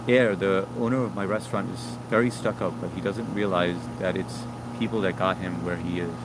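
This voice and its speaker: A man's voice: low voice, steady tone, brisk, background noise. A man hosting a casual live stream outdoors, reading viewer comments aloud and chatting in a laid-back way. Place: outdoors near a yard with brush.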